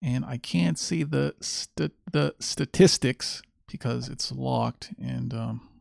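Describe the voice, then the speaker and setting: Sardonic man with a gravelly voice. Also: mid-range voice, darkish tone, no room sound, studio quality. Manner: sardonic, mocking. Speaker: podcast host. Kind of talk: monologue commentary.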